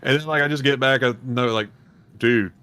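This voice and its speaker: A man's voice: medium pitch, fairly even intonation, quick pace, pushed and bright, clear, resonant tone. A man co-hosting a podcast, chatting casually in a rambling, self-mocking way. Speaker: podcast co-host. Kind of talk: casual chat.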